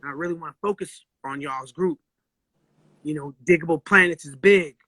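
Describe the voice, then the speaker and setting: A laid-back male rapper friend who talks in easy slang and makes calm promises, as a man quotes him. The voice sits close to the speaker's own, a touch lower and softer, with a bright edge. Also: moderate pace, dry recording, poor audio. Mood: casual. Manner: easygoing slang, relaxed promises.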